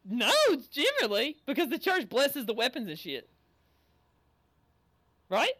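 Excitable high-voiced guy chatting. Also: unhurried. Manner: excitable, jokey, swears a lot. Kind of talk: casual chat.

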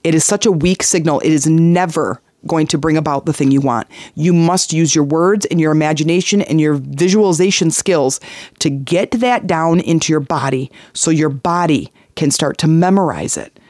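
A man with a fairly high voice talks at a moderate pace, recorded dry and at studio quality. Hosting a motivational podcast in the role of life coach, he speaks earnestly, repeats key phrases for emphasis, and narrates stories animatedly with performed voices.

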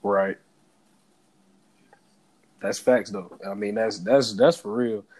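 A man's voice: lowish voice, fairly even intonation, slow, darkish tone. A man co-hosting a casual podcast chat, laid-back and slangy, laughing often as he talks. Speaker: podcast co-host.

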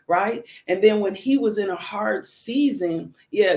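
A woman's voice: medium pitch, unhurried, hardly any pauses, a little mellow. A middle-aged woman, a mother, giving an earnest personal testimony about faith and parenting, often repeating phrases for emphasis.

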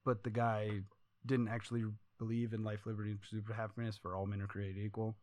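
Talking fast in a low-sided voice, a man co-hosts a podcast, telling profane, rambling, animated stories as casual chat. There's no echo on the recording.

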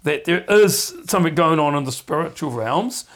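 Speaking at an ordinary pace in a slightly high voice, this podcast host teaches from the Bible. His delivery is earnest and conversational, with frequent repeated words and lively moments when he performs quotations.

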